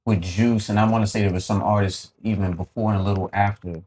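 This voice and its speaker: A man's voice: fairly low pitch, fairly even intonation, quick pace, a little mellow. A man hosting a casual interview, musing through his questions and acting out little quotes along the way. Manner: laid-back, musing, acts out quotes. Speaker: podcast host.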